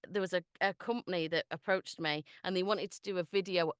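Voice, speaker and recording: A woman in her thirties with a Manchester accent talks casually and laughs a lot, dropping the odd swear word. Her voice sits a little low. The sound is dry and close. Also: steady tone, brisk, smooth, no echo. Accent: Mancunian. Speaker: guest voice actor. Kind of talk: casual podcast chat.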